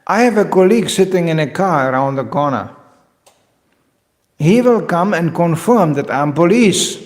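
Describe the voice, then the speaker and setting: A man's voice: a little high, expressive, normal speed, lightly acted. A man voicing an indignant, flustered young male policeman in a lecture hall with a long echo. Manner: indignant, insistent.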